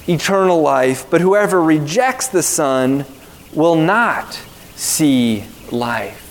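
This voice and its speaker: High-voiced man preaching slowly in a hall. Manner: earnest, emphatic preaching with repetition. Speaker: pastor. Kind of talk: sermon. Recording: long hall reverb.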